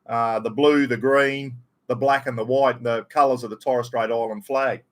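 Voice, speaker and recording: A man's voice: medium pitch, fairly even intonation, normal speed. A middle-aged Australian man hosting a casual livestream, greeting viewers by name and chatting about his weekend and the footy. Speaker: livestream host.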